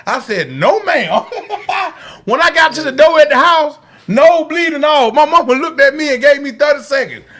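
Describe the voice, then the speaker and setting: A man co-hosting a podcast, telling profane, animated childhood stories in casual chat. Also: very high voice, fairly quick, hardly any pauses. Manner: animated, profane storytelling with frequent restarts and laughter. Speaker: podcast co-host.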